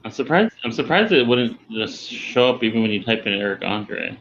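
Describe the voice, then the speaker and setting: A man's voice: mid-range voice, big pitch swings, normal speed, lo-fi sound, a crowd in the background. A man chatting casually as a podcast guest, self-mocking and laughing while he talks. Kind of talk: casual chat.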